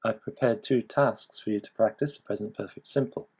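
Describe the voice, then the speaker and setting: A man narrating a scripted English grammar lesson in a measured, explanatory way. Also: fairly low pitch, fairly even intonation, a little mellow, husky, poor audio. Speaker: English teacher.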